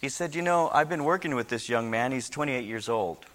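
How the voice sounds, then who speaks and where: A man's voice: mid-range voice, brisk, a bit bright. A male pastor preaching a sermon in a folksy way, with joking asides that turn into fervent preaching. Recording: long hall reverb.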